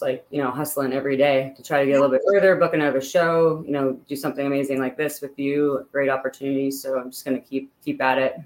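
A woman's voice: a bass voice, poor audio. A woman singer-songwriter from Pittsburgh, a guest in a casual interview, talking earnestly and upbeat with many fillers. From Pittsburgh, Pennsylvania.

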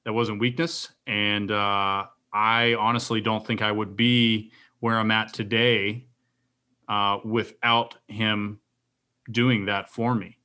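A man speaks as a podcast guest, telling his story in an earnest, halting way with frequent restarts. His tone is bright and forceful, set a little low. He sounds like a military veteran opening up. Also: little pitch movement, clear, resonant tone. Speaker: guest sharing a personal story.

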